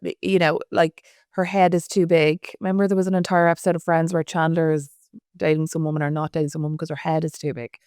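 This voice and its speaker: A woman's voice: sits low, level tone, fast, darkish tone, clean tone, no echo, clean studio sound. A woman in her thirties with an Irish accent, co-hosting a podcast in casual, teasing chat. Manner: chatty, teasing, apologetic asides. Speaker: podcast co-host.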